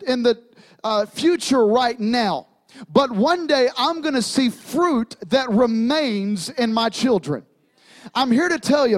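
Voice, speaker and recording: A man, preaching a sermon in a church sanctuary, with humor and emphatic repetition. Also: extremely high pitch. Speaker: pastor.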